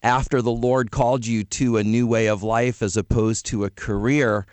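A man hosting a radio talk show, interviewing a caller in a brisk, friendly way and moving toward a break. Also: medium pitch, little pitch movement, darkish tone, dry recording. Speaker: radio host.

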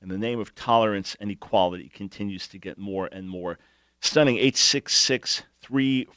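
A man's voice: on the low side, normal speed, fairly bright tone, dry recording. A man hosting a talk radio show, speaking emphatically with sarcastic asides.

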